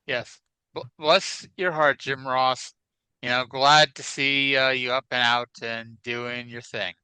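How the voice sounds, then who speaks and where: A man's voice: mid-range voice, steady tone, slow, pushed and bright, clean tone, no echo, poor audio. A man co-hosting a podcast, chatting casually with wry, profane humor. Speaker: podcast co-host. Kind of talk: casual chat about wrestling.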